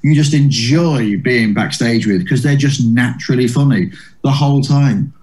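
A man's voice: medium pitch, moderate pace, a little mellow. A male comedian, a guest on an interview podcast, telling casual anecdotes in a rambling way with many restarts and "like"s.

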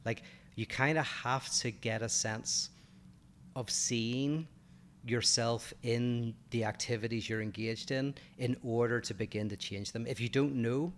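A man with an Irish accent co-hosting a podcast, explaining philosophical ideas in a measured, patient way. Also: mid-range voice, steady tone, a little hiss or hum. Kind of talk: casual explanatory chat.

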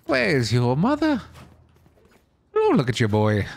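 A man doing a put-on Irish accent as a doting old fellow cooing over a boy, sing-song and slow, into a gaming mic. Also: a little high, huge pitch swings, creaky, full character voice.

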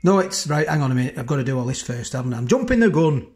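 A man's voice: medium pitch, sing-song, racing, noisy background. A man chatting casually in a food review vlog from his home kitchen, rambling and tacking tag questions onto his sentences.

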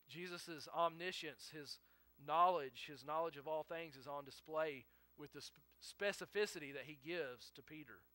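A man's voice: on the high side, normal speed, bright, forceful tone, dry recording. A male pastor preaching a sermon in an earnest way, acting out the quotes he reads and often correcting himself mid-sentence.

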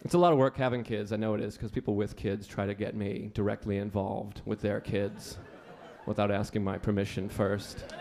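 A man's voice: fairly low pitch, flat delivery, normal speed, gravelly, mellow. A man performing a live stand-up set on a comedy club stage, telling stories casually and often slipping into acted-out quotes. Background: audience laughter and faint room noise.

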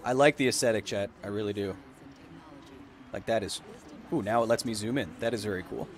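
A man's voice: lowish voice, fairly quick, slight background noise. A man in his thirties with an American accent, casually streaming a game and joking with chat. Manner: joking, tries out voice impressions. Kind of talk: casual gameplay livestream.

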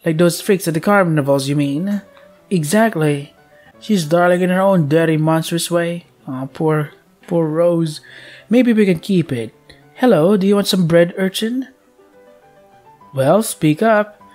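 A man's voice: fairly high pitch, unhurried, darkish tone, faint music behind, lightly acted. A man voicing haughty, cruel noble ladies in a game, sneering in a sing-song manner. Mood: haughty mocking. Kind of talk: voicing a visual novel character.

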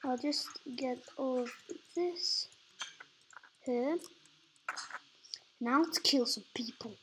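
A woman's voice: sits high, steady tone, slow pace, heavy background noise. A woman giving playful, chatty commentary while playing a video game, talking to herself as she goes. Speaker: gaming channel host. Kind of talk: casual gameplay commentary.

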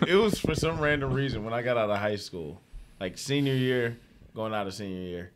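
A man co-hosting a podcast in casual chat, laughing often and talking in an animated, profane way. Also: medium pitch, brisk, over a noisy crowd. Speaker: podcast co-host.

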